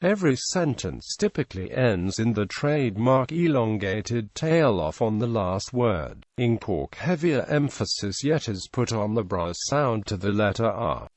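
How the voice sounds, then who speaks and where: A man's voice: on the low side, darkish tone, no echo. A male synthetic narrator reading an encyclopedia article aloud. He reads the text literally and stumbles over phonetic notation.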